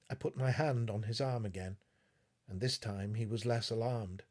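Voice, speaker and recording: A man reading a classic story aloud in a measured, expressive narration. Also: on the low side. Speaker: audiobook reader.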